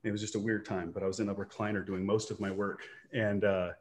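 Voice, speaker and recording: A man with a slightly low voice shares a personal story on a video call, earnest and reflective. He rambles a little, restarting sentences and tagging thoughts with "right?". He has the easy, candid tone of a business coach being interviewed. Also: level tone, fast talker, a little hiss or hum. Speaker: online business owner and coach.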